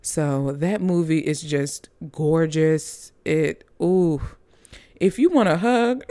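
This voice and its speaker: A woman's voice: low-pitched, takes it slowly, vocal fry, mellow, no room sound. A woman reviewing movies in a casual, chatty, gushing manner with playful asides.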